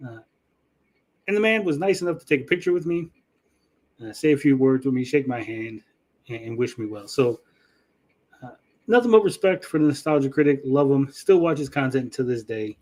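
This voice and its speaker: Casting: middle-aged male podcast host, mid-range voice, swears freely, animated storyteller. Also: mid-range voice, moderate pace, long pauses. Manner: profane, animated storyteller acting out quotes. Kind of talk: casual storytelling chat.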